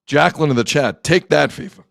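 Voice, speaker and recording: An excitable male sports talk host with a fairly high voice, swinging between loud outbursts and quiet muttering. The sound is dry and close, with no room echo. He talks casually and reacts off the cuff. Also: brisk, creaky.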